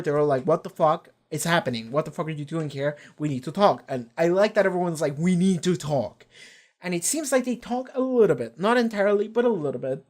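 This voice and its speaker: A man hosting a live reaction stream, recapping an episode in a rambling, excitable way, swearing casually and acting out characters' lines. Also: a little high. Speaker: reaction channel host.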